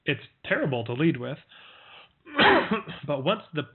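Slow and husky, this man's slightly high voice swings hugely in pitch as he gives a conversational marketing lesson. The coach makes his points with stories, full of fillers and restarts, over tinny phone-like audio.

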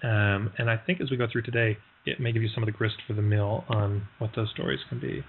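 A man teaching an online workshop, telling a parable in a relaxed, halting way with many fillers and brief voiced quotes. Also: fairly low pitch, slight background noise. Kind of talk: storytelling in a live online lesson. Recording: tinny phone-like line.

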